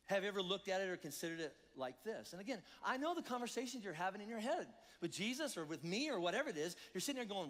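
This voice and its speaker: A high-pitched man preaches a sermon in a church with a long, ringing reverb. He talks conversationally and with animation, and he slips into the voices of the congregation. His tone is casual, like he is chatting with his listeners. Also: a bit bright. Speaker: pastor. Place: church hall.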